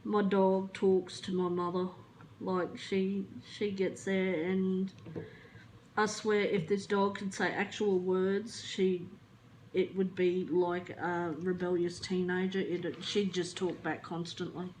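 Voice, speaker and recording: An Australian woman with a lowish voice chats casually and rambles from one story to the next. She is chatty, swears freely and sounds a touch flat. Her speaking voice sits on the low side, with faint background noise. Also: takes it slowly, rough recording. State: feeling flat. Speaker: vlogger.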